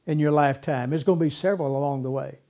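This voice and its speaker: A man's voice: fairly high pitch, fast talker, mellow. A man preaching a sermon in a folksy way, repeating words and acting out whiny voices, with a congregation answering. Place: church with congregation responding.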